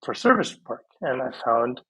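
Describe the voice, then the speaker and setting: A man in his thirties, a podcast guest on a video call, telling his story in a lively, casual way and acting out past conversations. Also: mid-range voice, moderate pace, husky, rough recording.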